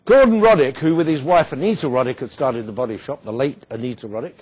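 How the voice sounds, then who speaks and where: A man giving a storytelling speech with wry humour and dramatic pauses. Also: medium pitch, darkish tone, breathy edge. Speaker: guest speaker.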